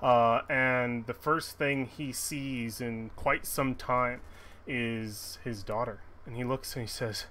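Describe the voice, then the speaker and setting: A man's voice: mid-range voice, steady tone, takes it slowly, pushed and bright, a little hiss or hum. A man narrating a tabletop game as game master, rambling with many restarts. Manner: rambling, full of restarts and fillers.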